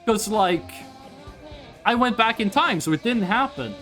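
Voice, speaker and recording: Livestreamer, casual gameplay chat, lively swooping pitch, rambling, swears freely, faint music behind. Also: a little slow. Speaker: streamer.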